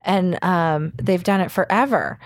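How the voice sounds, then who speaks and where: A woman's voice: on the low side, unhurried, no room sound, studio quality. A woman co-hosting a podcast in casual chat, rambling, laughing often and swearing freely. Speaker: podcast co-host.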